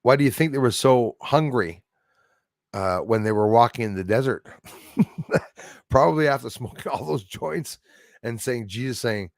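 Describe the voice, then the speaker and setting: A man with a French Canadian accent hosting a casual livestream, rambling through viewer comments with frequent chuckles and sudden loud bursts. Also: medium pitch, lively intonation, normal speed, creaky, pauses often, no room sound, studio quality. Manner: rambling, chuckling, jumps loudly between topics. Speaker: livestream host.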